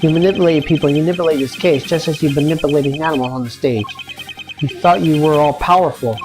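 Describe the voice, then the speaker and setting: A woman voicing a composed male prosecutor in a game voice-over, formal, measured and cutting. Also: low-pitched, darkish tone, close to an everyday voice. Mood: stern. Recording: game music behind voice.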